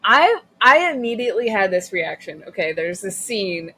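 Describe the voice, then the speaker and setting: A woman co-hosting a podcast who chats casually about a movie with quick interjections. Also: mid-range voice, very animated, sharp tone, breathy edge. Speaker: podcast co-host. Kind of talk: casual movie review chat.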